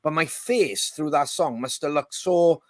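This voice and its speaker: A man's voice: a little high, unhurried, no room sound, studio quality. A man in a band, chatting casually on a podcast, rambling, swearing freely and laughing often. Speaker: band member co-hosting a podcast. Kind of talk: casual chat.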